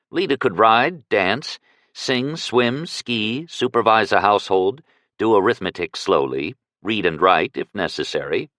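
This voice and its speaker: A male audiobook narrator reads scripted narration in a measured, expressive storytelling style. His lowish voice has very lively intonation, and the sound is dry and close, with no room sound.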